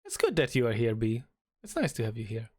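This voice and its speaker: A man streaming a story game, reading its text aloud and chatting, often halting and restarting. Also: mid-range voice, slightly rough. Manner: halting, with many restarts and fillers; shifts to a louder, animated voice when reading and acting out lines.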